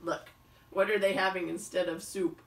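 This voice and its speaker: A woman teacher reading a picture book aloud to a child in an animated way, stopping to ask the child questions. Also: fairly low pitch, moderate pace, gravelly, echoey room, distant mic. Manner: animated, asks the listener questions.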